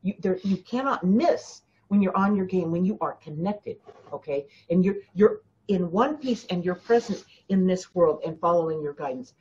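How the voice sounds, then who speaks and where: A woman's voice: on the low side, animated, moderate pace, darkish tone, highs cut off, slight background noise. A woman hosting a spiritual coaching talk, speaking emphatically to her listeners, often repeating herself and addressing them directly. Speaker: spiritual teacher and host.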